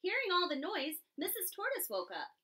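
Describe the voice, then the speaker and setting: A woman reading a children's picture book aloud, giving each animal its own expressive voice. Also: extremely high pitch, moderate pace. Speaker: storybook reader. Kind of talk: children's story read-aloud.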